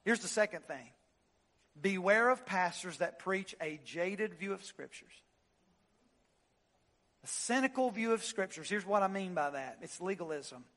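A pastor preaching in a church, his voice riding high for a man. He hammers repeated phrases, climbs to shouting peaks and then drops to low, hushed asides. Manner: impassioned preaching, swings from loud highs to low quiet asides; repeats phrases for emphasis, "listen" and "y'all". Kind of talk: sermon. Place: church sanctuary.

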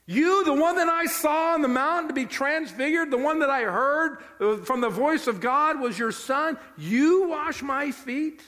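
A preacher acting out an astonished male disciple who refuses, speaking in a raised, drawn-out, emphatic voice. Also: very high voice, sharp tone, voice pushed up, heavily acted. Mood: incredulous. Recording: long hall reverb.

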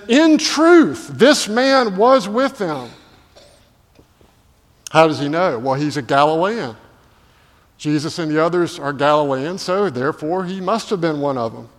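A male pastor delivering a sermon, asking rhetorical questions and building to emphatic peaks. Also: a little high. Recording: long hall reverb.

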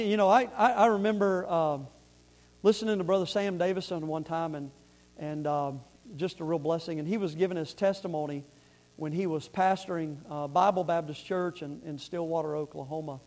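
A man's voice: high-pitched, a little mellow. A man preaching a fervent sermon, repeating words and asking the congregation if they follow.

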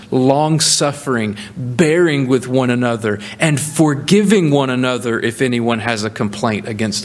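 A male pastor delivers a sermon in an ordinary, medium-pitched voice. He builds his points with emphatic rises, pushing his voice upward on the questions, then drops lower to read and explain the scripture. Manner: animated preaching with rising emphatic peaks.

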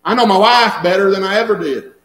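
A man delivers a sermon in an easy, conversational way. His voice sits fairly high, and he tends to chuckle and repeat himself as he talks. The sound is roomy, carrying the echo of a church sanctuary. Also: fairly quick, fairly bright tone. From Southern United States. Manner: folksy, chuckles while talking, repeats words. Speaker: preacher.

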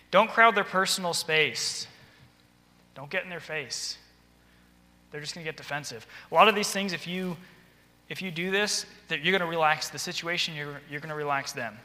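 Man, training speaker at church, bright and punchy delivery, reverberant auditorium. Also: a little high, normal speed. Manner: animated, acts out soft and stern examples. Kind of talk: practical training talk. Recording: hall reverb.

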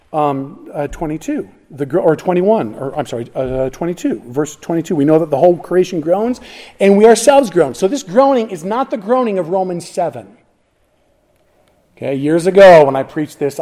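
A middle-aged man preaching a sermon in a fairly high voice. He is emphatic and restless, dropping to near-whispers and then climbing loud, often restarting his phrases. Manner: emphatic, swings from hushed to loud, frequent restarts. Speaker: pastor.

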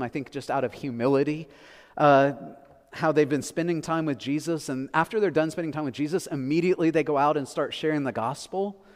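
A man preaching a sermon as a pastor, talking in a conversational, reflective way and repeating phrases with shifting emphasis. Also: fairly high pitch. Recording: long hall reverb.

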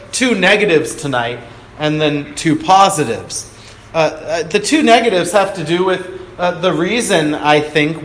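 A man's voice: on the high side, fairly bright tone. A man preaching a sermon to his congregation, teaching earnestly with frequent fillers and restarts and rising emphasis on key words. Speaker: pastor. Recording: echoey hall with faint ambience.

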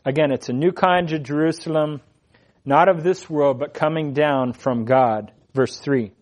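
A male preacher delivers a verse-by-verse sermon with earnest conviction. His voice sits a little higher than most men's. He leans hard into key phrases and swells louder on them. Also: unhurried. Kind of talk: expository sermon.

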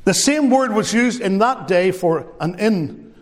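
A man's voice: high-pitched, lively intonation, a little slow, big-room sound. A man preaching a sermon, telling stories with emphasis. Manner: storytelling, emphatic.

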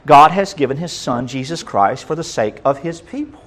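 A male pastor, preaching a sermon and swinging between loud and soft. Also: mid-range voice, lively intonation, normal speed.

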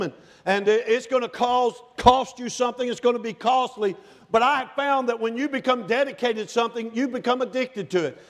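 Middle-aged male preacher, high pitch, shouted peaks and near-whispered lows, long church reverb. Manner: swings from shouting to hushed, near-whispered passages. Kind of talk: sermon. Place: church sanctuary.

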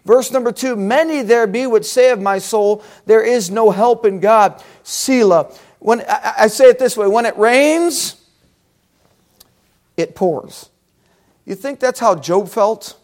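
A man delivers a sermon in a very high voice. He preaches with animation and talks directly to the people in front of him. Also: moderate pace, hardly any pauses, a little mellow. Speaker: pastor.

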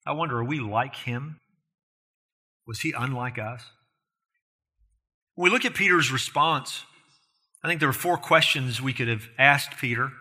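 A man of medium pitch preaches an expository sermon, speaking a little slowly with long pauses in a bright, forceful, husky tone. Earnest and emphatic, he often poses rhetorical questions to his listeners and rises in force on key points.

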